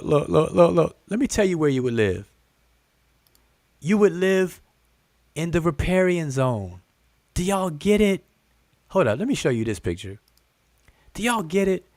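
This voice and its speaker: A man's voice: a little high, vocal fry, no room sound, clean studio sound. A man hosting a live-stream lesson, talking straight to his viewers with lots of repetition and direct questions. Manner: animated, repetitive, calls out "look, look" to viewers; addresses the audience as "y'all" and "family". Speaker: host teaching on a live stream.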